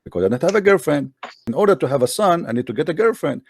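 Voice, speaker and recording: A man's voice: fairly high pitch, big pitch swings, rapid-fire, creaky, breathy edge, no echo. Argumentative man, dry close sound. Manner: argumentative, mocking, challenging. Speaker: host. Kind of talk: debate on a live call-in stream.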